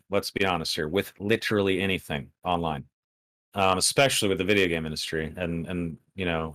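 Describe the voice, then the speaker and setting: A man's voice: low voice, fairly bright tone, no room sound, clean studio sound. An American man with a plain General American accent, a podcast guest talking bluntly in casual chat, laughing often and swearing casually. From United States.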